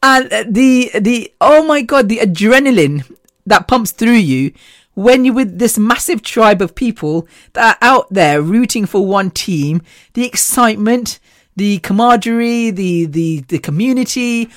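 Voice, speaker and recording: A woman's voice: fairly high pitch, lively intonation, unhurried, no room sound, clean studio sound. A woman hosting a podcast, talking in a gushing, chatty way and laughing often. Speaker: podcast host. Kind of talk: casual monologue.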